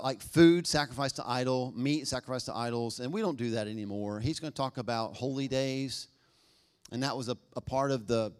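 A middle-aged man preaches in a loose, conversational way, cracking jokes and acting out little quoted exchanges. His voice sits at an ordinary pitch, and he mixes humor into the talk. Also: clean tone. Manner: conversational, joking, animated acted-out quotes. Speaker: pastor. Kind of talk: sermon.

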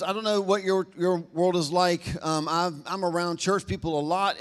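A man preaching a sermon, talking fast and conversationally with a self-deprecating humor. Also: a little high. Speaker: pastor.

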